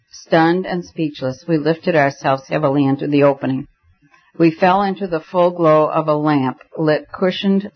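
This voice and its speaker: A man reading a novel aloud in first person, with a measured storytelling delivery, in a slightly muffled recording. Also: on the high side. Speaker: audiobook reader.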